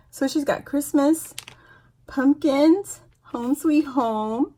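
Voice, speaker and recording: Gushing, excitable woman unboxing crafts. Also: a little high, takes it slowly. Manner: gushing, exclaims often, laughs a lot. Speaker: craft vlogger opening a giveaway package. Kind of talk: excited casual unboxing chat.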